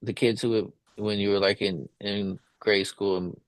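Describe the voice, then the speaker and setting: A man's voice: fairly low pitch, level tone, moderate pace, dry recording, rough recording. A man hosting a podcast in laid-back casual chat, laughing often and saying "dude". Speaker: podcast host.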